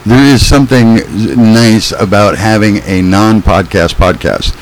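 A man with a somewhat low voice co-hosts a casual fishing podcast. He rambles, restarts his sentences and laughs often, with a faint hiss under the recording. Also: measured pace, low-quality recording. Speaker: podcast co-host.

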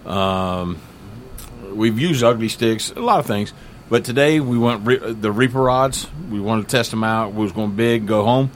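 A man's voice: fairly low pitch, normal speed, a little hiss or hum. A man, a pastor and regular on a fishing talk show, chatting casually and rambling with many fillers. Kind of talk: casual chat.

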